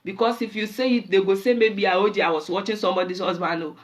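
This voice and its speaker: A woman with a Nigerian accent hosting a show, telling animated stories in a casual monologue and slipping into pidgin. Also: medium pitch, fast. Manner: animated storyteller mixing in pidgin. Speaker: show host.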